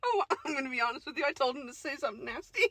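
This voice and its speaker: High-voiced laughing woman co-host. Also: racing, a loud crowd. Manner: crude, laughing, teasing. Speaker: podcast co-host. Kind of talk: casual chat.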